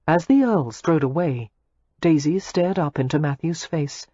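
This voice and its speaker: A woman reads an audiobook in a measured, steady narration. Her voice is husky and a little breathy, close and dry, on a dull lo-fi recording. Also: sits low, no room sound. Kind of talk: scripted narration.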